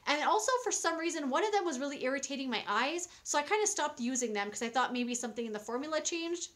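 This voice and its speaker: Young female beauty vlogger, high voice, casual and gushing, lots of fillers. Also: expressive, quick pace, fairly bright tone. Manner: chatty and enthusiastic, with many fillers and restarts. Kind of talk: casual product review.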